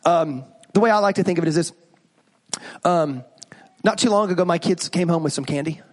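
A pastor in his thirties preaching a sermon, animated and joking as he tells stories and asks the congregation questions. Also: fairly high pitch, fairly quick.

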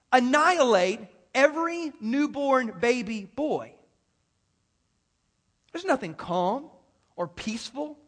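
A man's voice: very high-pitched, a bit bright. A man preaching a sermon to his congregation, chatty and joking, speaking straight to the people in the pews. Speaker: pastor.

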